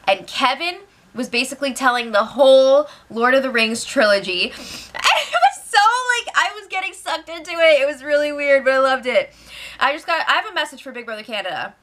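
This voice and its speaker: A woman's voice: high voice, sharp tone. A woman hosting a casual spoiler recap, chatty and opinionated, laughing often. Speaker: show recap host.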